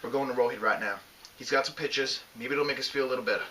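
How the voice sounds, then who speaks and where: A man doing a put-on Southern US accent as the anchor of a mock newscast, rambling and excitable and breaking into shouts. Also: medium pitch, very fast. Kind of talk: mock news commentary. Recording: distant mic with loud hiss.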